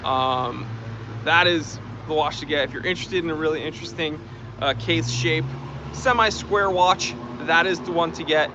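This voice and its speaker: A man's voice: a little high, moderate pace, noisy background. A man hosting a casual live stream, chatting and reading out and thanking viewer comments. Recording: dull lo-fi stream audio.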